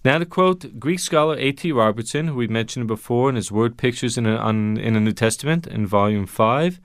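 A man teaching the Bible on a radio show, stressing key words slowly and explaining points step by step. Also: medium pitch, animated, smooth, no echo, studio quality.

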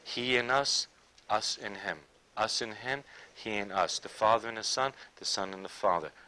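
Bright-voiced man preaching a sermon. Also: lowish voice, normal speed. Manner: emphatic, swinging between loud declaring and quiet intimate asides.

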